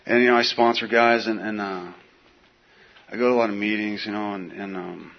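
A middle-aged man sharing his recovery story at a meeting, in a casual, slangy, animated way with lots of fillers. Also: on the low side, fairly quick, gravelly. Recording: dull lo-fi recording.

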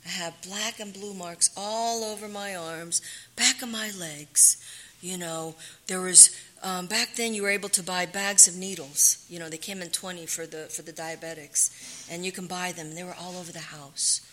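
A middle-aged woman telling her own recovery story in a candid, halting way, often dropping to a hushed whisper. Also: on the low side, steady tone. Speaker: recovery speaker. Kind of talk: personal testimony.

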